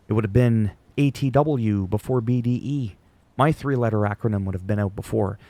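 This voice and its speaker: A man's voice: lowish voice, moderate pace, mellow, no room sound. A man whose first language is French, ranting sarcastically and profanely as a YouTuber recapping wrestling. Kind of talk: ranting casual commentary.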